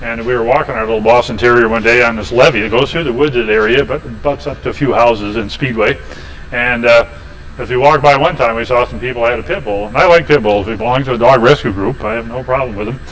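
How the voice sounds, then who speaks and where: A man's voice: mid-range voice, fast, fairly bright tone, rough recording. A man in a woodshop, demonstrating woodturning and telling rambling, folksy anecdotes with chuckles. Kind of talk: casual storytelling during a lathe demo. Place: woodshop, indoors.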